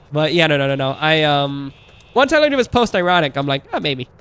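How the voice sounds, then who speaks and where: A man's voice: fairly high pitch, big pitch swings, normal speed, fairly bright tone, clean tone. A man in his thirties chatting casually on a live stream, rambling through asides and laughing often.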